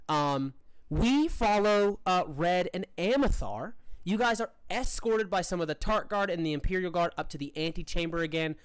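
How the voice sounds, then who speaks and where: Rambling woman game master, smooth voice. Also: lowish voice, animated, moderate pace, no room sound. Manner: rambling, filler-heavy. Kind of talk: narrating a tabletop game.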